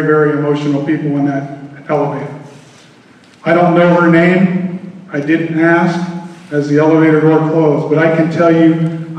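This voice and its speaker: A man, a Coast Guard officer, giving an earnest, measured speech to a public meeting. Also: fairly high pitch, darkish tone. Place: large hall at a public meeting. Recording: echoey hall from far off.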